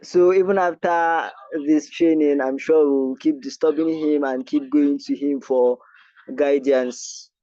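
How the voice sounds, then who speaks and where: A man's voice: on the high side, fairly even intonation, measured pace, warm tone, no echo. A man moderating on a video call, thanking the last speaker and calling on the next. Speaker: trainee moderating the session. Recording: dull lo-fi call audio.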